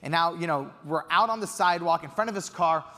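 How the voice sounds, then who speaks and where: Animated young man telling a story on stage. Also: a little high, quick pace. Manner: animated storytelling with excited quoted outbursts. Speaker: keynote speaker. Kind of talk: storytelling keynote speech. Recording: reverberant hall.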